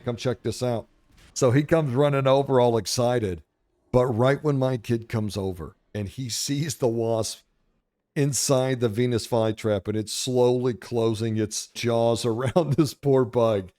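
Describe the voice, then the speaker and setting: Brash, foul-mouthed man with a dark voice. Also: medium pitch. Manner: profane, brash, jokey storytelling. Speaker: gaming channel host. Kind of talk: gameplay commentary with rambling stories.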